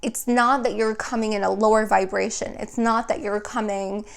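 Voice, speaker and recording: A woman's voice: medium pitch, steady tone, moderate pace, vocal fry. A woman giving an unscripted tarot reading, meandering and reassuring, often checking in with the listener. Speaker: tarot reader.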